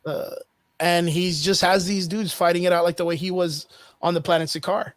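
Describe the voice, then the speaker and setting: Excitable, high-voiced man recapping comics. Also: moderate pace, no echo. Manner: animated, profane storytelling with many fillers. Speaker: podcast guest. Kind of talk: casual chat.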